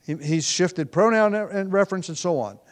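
A man's voice: sits high, moderate pace. A man with a nagging cough, preaching an earnest expository sermon, often restarting phrases with fillers. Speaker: pastor.

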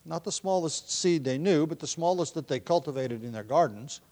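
A man preaching a verse-by-verse Bible sermon in a conversational, thinking-aloud way, with frequent ums, restarts and throat clearing. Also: on the high side, animated, moderate pace, a little mellow.

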